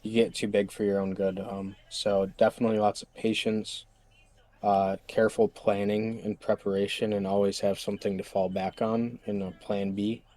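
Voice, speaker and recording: A man answering interview questions in a casual, relaxed way, with light swearing. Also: lowish voice, normal speed. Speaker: guest.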